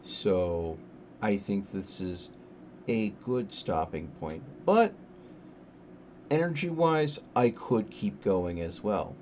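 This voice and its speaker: A man acting as game master on a group stream, talking in a calm, measured and persuasive way over a voice call. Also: lowish voice. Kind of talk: casual chat on a group stream. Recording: faint background noise.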